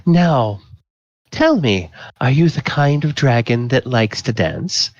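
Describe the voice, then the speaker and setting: A man's voice: medium pitch, animated, slow, dry recording, muffled recording, voice pushed up. A man voicing a tipsy large humanoid woman at a masquerade ball in a tabletop game, gushing and overfamiliar.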